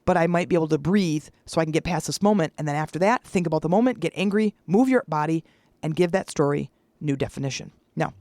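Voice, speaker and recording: This podcast host and public speaker, in their forties, talks casually alone at a fast clip, voicing the characters in their stories. The medium-pitched voice is a little mellow, and there's no room sound at all.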